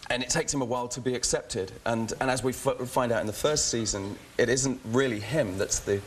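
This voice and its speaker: A man with an English accent, a guest actor talking quickly and chattily on a talk show, with frequent restarts. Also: medium pitch, slight background noise. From England. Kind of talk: casual talk show interview.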